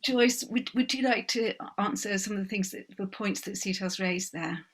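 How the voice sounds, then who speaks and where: Husky woman hosting, slow and gentle. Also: mid-range voice. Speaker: host. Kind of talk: hosting a discussion.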